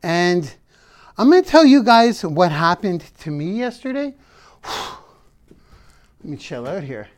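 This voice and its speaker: Slow, playful man giving a pep talk. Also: high voice, big pitch swings. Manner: playful, self-interrupting, sings snippets; emphatic repetition. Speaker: motivational vlogger. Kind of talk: casual motivational talk.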